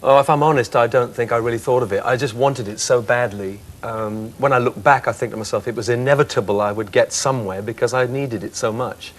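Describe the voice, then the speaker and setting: A man in his fifties, a singer guest on a chat show, reflecting candidly on his career in a thoughtful, soft-spoken way. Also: medium pitch, fairly quick, few pauses.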